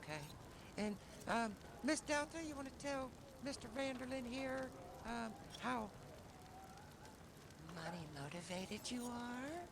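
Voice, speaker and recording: A woman with a raised, gravelly voice plays an outlaw in a role-play game, rambling and stumbling as she pitches. Heavy hiss and game ambience fill the chat audio. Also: slow pace. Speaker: role-play player as outlaw gang member.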